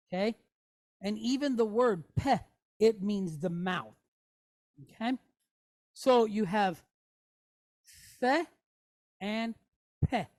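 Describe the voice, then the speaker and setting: Slow, patient woman teaching a class. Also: medium pitch, a little mellow. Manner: patient, explains step by step, checks in with "okay?"; demonstrates sounds aloud. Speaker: Hebrew teacher.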